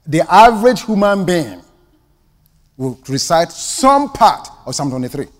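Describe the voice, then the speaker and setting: Impassioned Nigerian preacher, high and lively. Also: male voice, unhurried. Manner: impassioned, swinging from hushed asides to ringing declarations. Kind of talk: sermon. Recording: long hall reverb.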